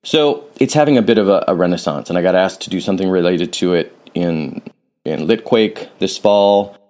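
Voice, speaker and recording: A man with a low voice talks alone into a studio podcast microphone. He muses in a reflective, rambling way, wandering off on tangents and starting sentences over as he thinks aloud. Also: normal speed, darkish tone. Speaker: podcast host and author. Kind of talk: casual solo podcast monologue.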